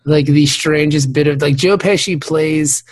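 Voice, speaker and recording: A man co-hosting a casual podcast chat, animated, laughing often and swearing freely. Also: a little high, measured pace, no room sound. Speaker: podcast co-host.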